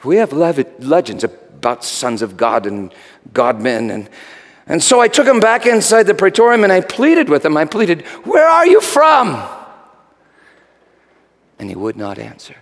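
A man's voice: on the high side, sing-song, normal speed, long reverb tail. Pontius Pilate, a man acting a haunted Roman governor. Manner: swings between shouted outbursts and hushed whispers. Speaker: preacher performing a character monologue. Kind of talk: dramatic first-person monologue.

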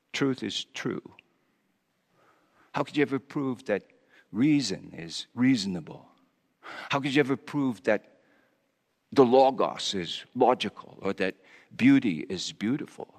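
Pontius Pilate, haunted and stammering. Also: male voice, medium pitch, animated, a little slow, long pauses, in a large hall. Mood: brooding. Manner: stammering, searching, confessional. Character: conflicted, haunted Roman governor, middle-aged man. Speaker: guest speaker in character. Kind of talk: dramatic monologue in character. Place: church hall.

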